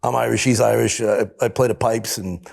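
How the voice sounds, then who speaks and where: Earnest, halting middle-aged man. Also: medium pitch, fairly even intonation, creaky, a little mellow. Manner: earnest, halting, with many restarts. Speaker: rescue police officer, panelist. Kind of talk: recounting a rescue on a panel.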